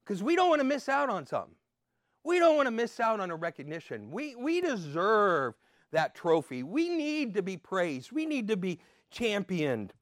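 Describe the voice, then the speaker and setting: An older man giving an earnest sermon as a pastor, swinging between emphatic and soft. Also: high voice, very animated, moderate pace, no echo, clean studio sound.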